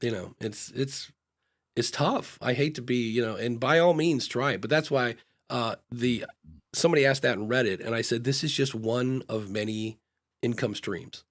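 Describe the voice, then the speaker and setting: A man's voice: medium pitch, normal speed. Man giving frank podcast advice. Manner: acts out little back-and-forth dialogues in changing voices; frank, loose talk with frequent fillers and restarts. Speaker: podcast consultant and co-host. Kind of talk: casual live podcast advice chat.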